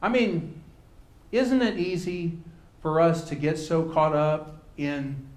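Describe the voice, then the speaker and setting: A man's voice: on the high side, expressive, takes it slowly, a little mellow. A man teaching a Bible class off the cuff, talking conversationally and often restarting phrases before pressing his points with rising emphasis. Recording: roomy echo.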